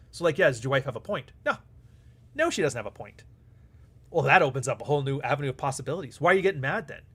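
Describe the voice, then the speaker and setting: Answering super chats on his live stream, a man talks bluntly and casually, swearing plenty and acting out back-and-forth dialogue. His mid-range voice is fairly bright and slightly rough, moving quickly with big pitch swings.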